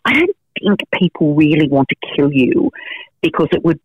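With big pitch swings and a breathy edge, a low-pitched woman speaks at normal speed. She's a middle-aged investigative journalist giving frank storytelling answers as an interview guest, with lots of fillers and restarts. The audio is phone quality, with no room sound.

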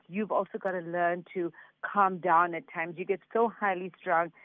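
A man working as a psychic medium on a radio show, giving callers readings in an earnest, reassuring way and relaying messages in quick runs. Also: high-pitched, dry recording. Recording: tinny phone-like line, dry.

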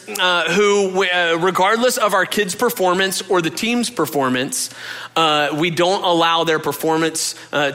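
High, bright-voiced preacher man. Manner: earnest storytelling with frequent restarts and direct "you guys" address. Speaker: pastor. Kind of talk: conversational sermon.

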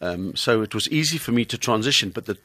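Animated South African comedian, lively voice. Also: male voice, on the low side, fast, no echo. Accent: South African, Cape Town. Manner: animated storyteller, slips into accents. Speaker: comedian guest. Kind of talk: casual radio interview. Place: radio studio. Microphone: studio microphone.

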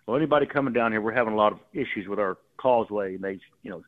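A man's voice: fairly low pitch, very fast. A man, a fishing guide calling in to a radio show, telling rambling stories and repeating his words as he goes. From Texas Gulf Coast. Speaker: fishing guide and guest caller. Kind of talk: casual phone-in storytelling. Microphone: phone. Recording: narrow phone line.

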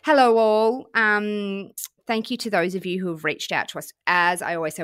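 An Australian woman in her thirties co-hosting a podcast, telling stories in a chatty, animated way with casual swearing. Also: on the low side, a little fast, dry recording, clean studio sound. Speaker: podcast co-host. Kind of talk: casual chat.

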